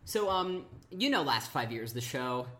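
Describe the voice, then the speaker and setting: A woman's voice: a bass voice, big pitch swings, unhurried, a bit bright. A woman co-hosting a casual chat who rambles through tangents, full of fillers.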